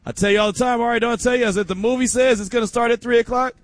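A man hosting a casual sports radio show, animated and joking, taking calls from listeners. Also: very high-pitched, rapid-fire, no echo. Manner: animated, joking, breaks into laughter.

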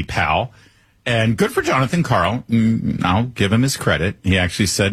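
A man's voice: lowish voice, expressive, moderate pace, a bit bright, breathy edge. A man hosting a political talk show, delivering a monologue with sarcastic asides.

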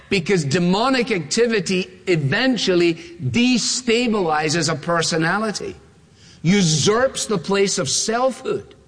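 A man preaching a sermon, emphatic and repetitive, leaning on slow stressed words. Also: on the high side. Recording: long reverb of a large hall.

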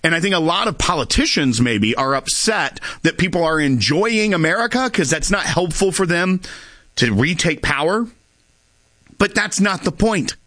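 Brisk male radio talk host, dry studio sound. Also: a little high, expressive, sharp tone, no room sound. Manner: brisk, conversational, reads headlines aloud.

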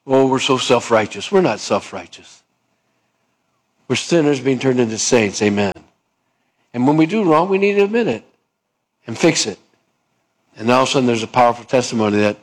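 A man preaching a sermon in a conversational way, asking his listeners questions and acting out little dialogues. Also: medium pitch. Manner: conversational, asks the congregation questions; acts out dialogue to illustrate points. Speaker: pastor.

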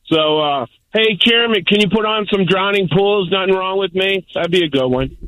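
Older male caller, gruff rambling raconteur, high-pitched, dry close sound. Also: moderate pace, a bit bright, no room sound, low-quality recording. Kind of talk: casual phone-in chat.

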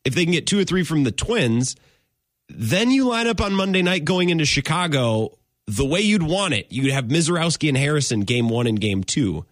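A man hosting a sports podcast, his pitch climbing and dropping all over as he talks. He chats casually, laughs a lot and wanders off his point before coming back to it. The sound is dry and close. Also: moderate pace, no room sound. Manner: animated, laughs often, wanders off and circles back.

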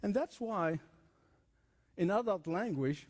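A male pastor preaches in an emphatic, conversational way and leans on repetition. His voice sits high and moves up and down a lot. It rings out with a long reverb in a church hall. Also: animated, slow pace, a little mellow. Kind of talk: sermon.

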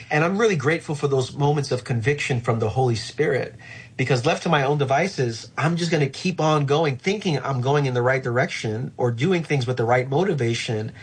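A middle-aged male pastor talking through faith in an earnest, thoughtful way, slowing down to land his key points. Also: mid-range voice, breathy edge. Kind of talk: reflective faith conversation.

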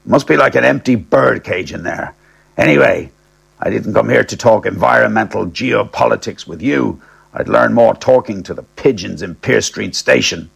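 A man's voice: on the low side, normal speed, creaky, slightly rough, heavily acted, rough recording. A man voicing a crude, cynical older male lawyer who talks bluntly and mockingly.

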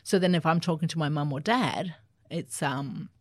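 An Australian woman, an Auslan interpreter, answering interview questions in an animated, explanatory way. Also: deep voice, normal speed, no room sound, clean studio sound. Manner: animated, explanatory, laughs easily.

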